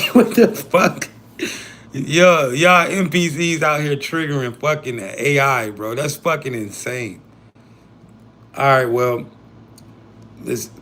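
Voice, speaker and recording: A man's voice: mid-range voice, sharp tone, slight background noise. Slangy, profane man on a livestream. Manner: slangy, profane, talks to chat. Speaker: livestream host. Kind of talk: casual livestream talk.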